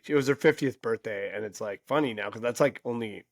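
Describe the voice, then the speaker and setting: A man's voice: mid-range voice, brisk, gravelly, no echo, clean studio sound. A man in his forties, a podcast co-host, telling a story in casual chat and acting out the quoted voices. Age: 40s.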